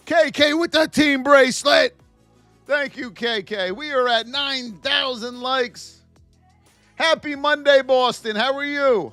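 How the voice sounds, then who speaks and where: Hoarse guy with a high voice hyping up a trading livestream, dry sound, faint music behind. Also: no echo. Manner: energetic, hypes up viewers by name. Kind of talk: hyped live-stream market commentary.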